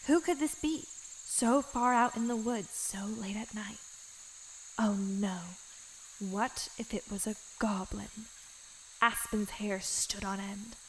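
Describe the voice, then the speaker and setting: Slow, mock-dramatic woman narrator. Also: mid-range voice, a little hiss or hum, rough recording. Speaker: story reader. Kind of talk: comic story narration.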